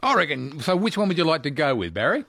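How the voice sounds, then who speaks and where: A man's voice: on the high side, big pitch swings, fast, sharp tone, no room sound. A man hosting a radio quiz, chatting casually and laughing easily with callers.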